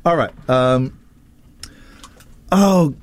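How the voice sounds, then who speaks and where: A man's voice: mid-range voice, extremely slow. A man hosting a radio show, telling rambling jokey stories in casual chat. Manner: rambling, jokey, animated storytelling.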